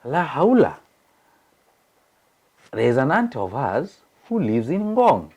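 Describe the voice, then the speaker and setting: Kenyan man telling a lively story. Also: medium pitch, normal speed. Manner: animated, acts out quoted voices. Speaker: guest sharing his story. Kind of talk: casual storytelling in English and Swahili.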